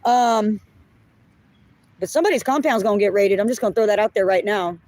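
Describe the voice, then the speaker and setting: A woman's voice: medium pitch, brisk, darkish tone, no echo. A woman giving a collective tarot reading in casual talk, blunt and often apologizing, swearing when she gets upset. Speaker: tarot reader.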